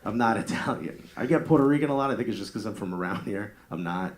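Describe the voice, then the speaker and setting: A man performs a live stand-up set, riffing with the crowd in a profane, self-mocking way. His voice sits a little low. A big, clearly heard audience laughs around him in the club. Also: animated, quick pace. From northeastern United States. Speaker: stand-up comedian.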